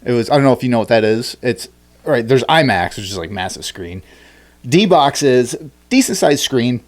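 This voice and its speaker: A man hosting a podcast, telling a story in a rambling, animated way, with many restarts and fillers. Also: medium pitch, moderate pace. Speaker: podcast host. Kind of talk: casual chat.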